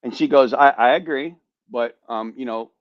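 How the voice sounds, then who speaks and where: A man on a podcast telling a story in a casual, animated way, swearing and repeating words as he goes. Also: medium pitch, moderate pace, no echo, lo-fi sound. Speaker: podcast host, veteran.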